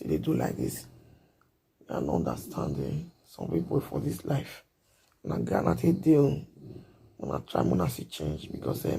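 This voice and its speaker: A man's voice: very deep voice, vocal fry, dark tone, slightly rough. A man giving a repetitive, scolding late-night monologue to his viewers on a live video.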